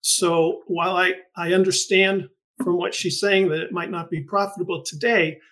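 High-voiced man hosting a podcast. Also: flat delivery, a bit bright. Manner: thoughtful, halting with frequent restarts. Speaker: podcast host and greenhouse researcher. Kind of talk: conversational interview.

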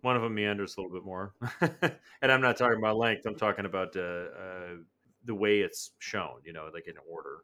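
A man co-hosting a film podcast, talking in a lively, animated way and often restarting his sentences. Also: low-pitched. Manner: animated, frequent restarts and quick laughs. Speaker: podcast co-host. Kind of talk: casual film discussion.

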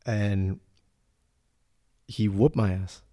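A man's voice: lowish voice, fairly even intonation, drawn-out words, warm tone. A man hosting a podcast, telling a personal story in a casual, profane, laid-back way and acting out what people said. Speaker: podcast host.

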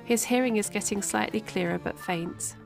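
A woman narrating an audio drama, reading scene directions in a steady voice. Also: medium pitch, moderate pace, gravelly, faint music behind.

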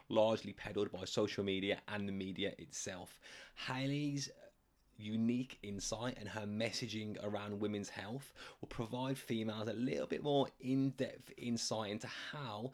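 A young English man with a slight West Midlands tinge, hosting a fitness podcast in casual, chatty, rambling talk. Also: on the low side. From England. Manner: chatty and upbeat, rambling asides. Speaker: podcast host. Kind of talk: casual chat.

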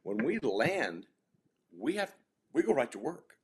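A man's voice: medium pitch, sing-song, unhurried, husky. A man telling long rambling anecdotes in casual chat as a podcast guest, with frequent restarts.

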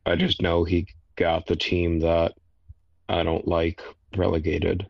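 A man co-hosting a casual sports podcast, laid-back and deadpan. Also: sits low, takes it slowly, gravelly, no echo. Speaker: podcast co-host. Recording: dull, dry lo-fi mic.

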